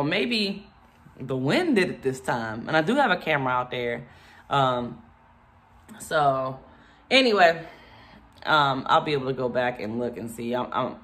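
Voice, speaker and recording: Woman venting a story, bright clear voice, rambles and acts out quotes. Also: normal speed. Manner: animated, rambling, acts out quotes with raised pitch. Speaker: homeowner telling a story. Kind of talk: casual storytelling.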